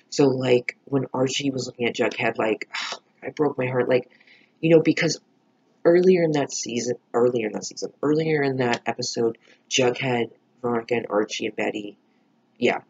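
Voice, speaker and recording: A man's voice: mid-range voice, moderate pace, gravelly, dull audio, a little hiss or hum. A man reviewing a TV episode in a casual vlog, rambling with lots of "like" and frequent swearing.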